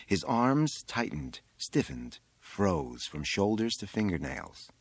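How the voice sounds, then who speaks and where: Brief: male audiobook reader, low voice with a wide, dramatic pitch range, dry studio sound. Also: slow, vocal fry, slightly rough, no echo. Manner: expressive, dramatic phrasing. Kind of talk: literary audiobook narration.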